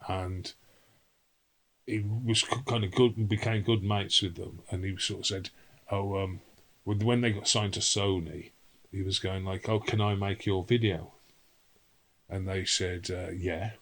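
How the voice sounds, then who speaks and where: Low-voiced older man, rambling. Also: fairly even intonation, measured pace, a bit bright, rough recording. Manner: rambling storyteller, salty swearing, acts out quotes. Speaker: interview guest, singer. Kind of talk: casual anecdotal interview.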